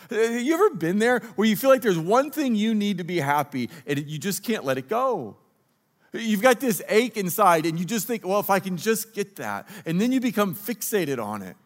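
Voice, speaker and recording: A male pastor preaching a sermon, telling the story and acting out the characters' lines. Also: high-pitched. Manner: storytelling, acts out dialogue of the characters.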